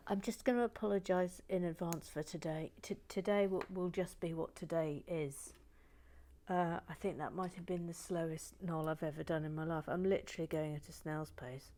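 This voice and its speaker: A woman hosting a building video, chatting casually and self-deprecatingly, slipping between whispers and soft talk. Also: on the low side, normal speed, slight background noise. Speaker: host of a building channel. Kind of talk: casual chat while building, partly whispered.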